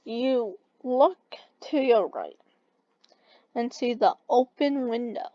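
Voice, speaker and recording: Slow, halting woman reading a story. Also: a little high, warm tone, dry recording, muffled recording. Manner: halting, stumbling reading with restarts. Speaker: story reader. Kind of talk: reading a second-person fan story aloud.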